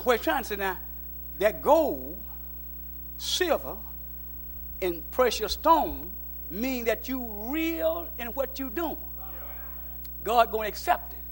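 A man preaching a sermon in plain folksy speech, dropping into low asides and then rising to shouted exhortation. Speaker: pastor. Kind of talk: call-and-response sermon.

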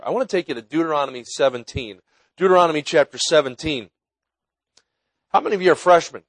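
A man's voice: fairly high pitch, no room sound, low-quality recording. Folksy man from New Jersey preaching. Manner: folksy storytelling, chuckling warmth about friends; conversational, asks audience to raise hands. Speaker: evangelist preaching at a college chapel. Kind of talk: sermon. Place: chapel with live student audience.

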